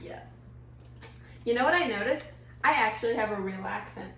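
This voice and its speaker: Texan woman host, bright and bubbly, fairly high pitch; echoey home kitchen. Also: lively intonation, normal speed. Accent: Texas. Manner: bubbly, upbeat, enthusiastic. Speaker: cooking vlog host. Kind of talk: casual cooking demonstration. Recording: echoey kitchen with faint noise.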